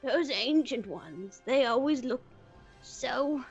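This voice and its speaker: A dreamy older mystic, voiced by a woman, muses slowly in a higher voice. The line is muffled, and faint music plays under her. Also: lively intonation, slightly rough, exaggerated voice. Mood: musing.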